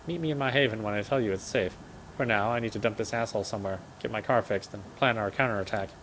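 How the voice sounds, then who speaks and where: A man reading the lines of a determined female vampire ally in his own low voice, curt and urgent. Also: fast talker, fairly bright tone, a little hiss or hum, lightly acted.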